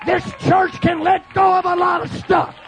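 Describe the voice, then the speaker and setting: A man preaching a fiery Pentecostal revival sermon, shouting and calling the congregation to respond. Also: very high voice, level tone, normal speed, creaky, lo-fi sound, crowd noise, background noise.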